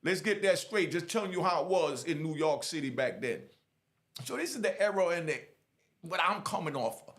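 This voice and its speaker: A man telling a first-person prison story in a casual, animated way, often checking in with the listener. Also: fairly high pitch, brisk. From Jamaica. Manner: animated, keeps saying "you know what I mean". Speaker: storyteller recounting prison life.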